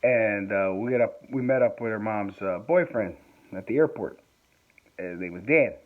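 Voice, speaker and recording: A man's voice: fairly low pitch, moderate pace. Rambling man on a tinny phone recording. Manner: chuckling, swearing, digressive. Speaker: vlogger. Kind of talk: rambling casual storytelling. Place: home during a power outage, candlelit.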